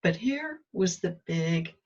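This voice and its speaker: A woman talks through her walking meditation in a musing, conversational way, with drawn-out pauses, recorded outdoors on a walk. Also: fairly low pitch, lively intonation, darkish tone, muffled recording. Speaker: meditation vlogger. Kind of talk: reflective spoken vlog.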